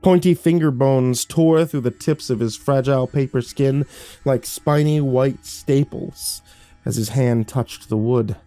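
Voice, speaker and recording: A man narrating a horror story in a slow, dramatic, hushed storytelling manner, as a dry studio voice-over. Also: mid-range voice, no echo, soft background music.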